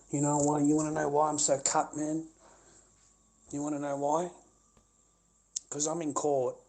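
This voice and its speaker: Agitated aussie bloke ranting on a stream, swearing a lot, voice sits a bit high. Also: male voice, mellow. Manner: agitated, swearing, repeating himself. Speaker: livestreamer. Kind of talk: angry livestream rant.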